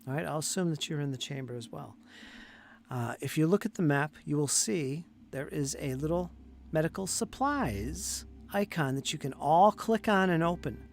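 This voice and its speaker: A man running a tabletop game as game master, describing scenes slowly and asking the players what they do. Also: on the high side, lively intonation, gravelly, slight background noise. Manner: slow, descriptive, questioning players.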